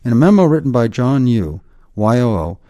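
A man's voice: mid-range voice, very animated, moderate pace, dark tone. A man explaining points emphatically in an interview, lecturing and often tagging points with "okay?". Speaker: guest expert.

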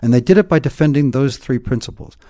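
A man's voice: mid-range voice, fast, mellow. A man explaining points emphatically in an interview, lecturing and often tagging points with "okay?". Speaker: guest expert.

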